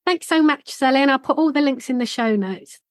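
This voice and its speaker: A woman's voice: high voice, brisk, no room sound. Friendly woman podcast host. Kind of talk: casual podcast chat.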